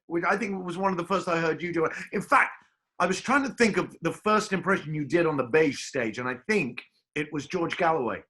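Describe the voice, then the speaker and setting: A man's voice: fairly high pitch, fairly quick, sharp tone. A man hosting a casual interview over a video call, playfully prompting his guest for stories and impressions. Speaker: host.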